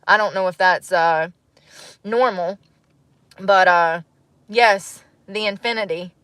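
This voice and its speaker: A woman in her thirties, talking to her channel in a casual, reflective monologue, musing and animated, with frequent laughs. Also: mid-range voice, slow pace, dry recording. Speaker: vlogger.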